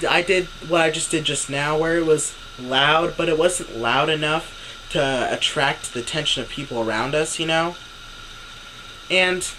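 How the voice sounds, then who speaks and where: A man's voice: on the high side, a bit bright, a little hiss or hum, poor audio. A young man vlogging an exasperated, profane story, acting out what others said. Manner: exasperated, swearing, acts out quotes. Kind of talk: ranting story to camera.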